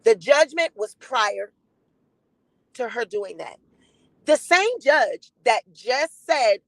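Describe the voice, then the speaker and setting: A woman's voice: high voice, big pitch swings, slow, dry recording, poor audio. A woman hosting a live-stream gossip commentary, blunt and defiant, swearing freely and greeting chat viewers by name.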